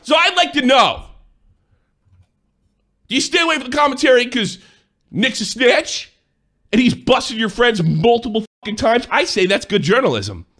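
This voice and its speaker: An angry man in a profane, accusing rant, sometimes shouting. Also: very high-pitched, sing-song, moderate pace, pauses often. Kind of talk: heated rant.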